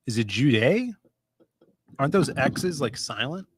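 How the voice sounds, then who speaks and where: A man hosts a comics livestream in a loose, chatty way, hopping from one topic to the next. His voice sits in a middle pitch. The sound is dry and close. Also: sing-song, a little slow, long pauses, slightly rough, dry recording. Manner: chatty, jumps between topics. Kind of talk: casual livestream chat.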